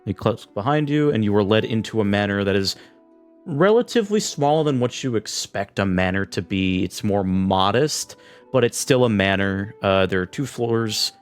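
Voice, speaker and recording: A man's voice: lowish voice, animated, normal speed, faint music behind. A man running a tabletop game as game master, narrating scenes loosely with many fillers.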